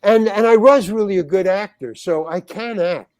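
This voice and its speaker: An older man speaks as a podcast guest in a fairly high voice, close to a dry mic with no room sound. He tells a rambling, animated story, padding it with fillers and slipping into other people's voices as he goes. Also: normal speed, dry recording.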